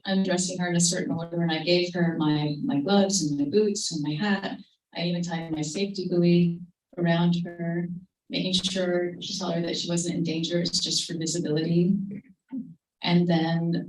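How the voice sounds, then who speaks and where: A woman with a lowish, fairly level voice tells a gentle, reflective story to a live audience at a creative talk. Her voice carries the echo of a roomy hall and sounds a little distant from the microphone, as a livestream of the event would capture it.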